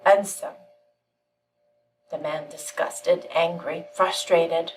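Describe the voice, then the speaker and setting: A woman giving a channeled spiritual teaching, telling a parable in a calm, measured way with frequent pauses. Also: on the low side, recorded from a distance, soft background music, low-quality recording.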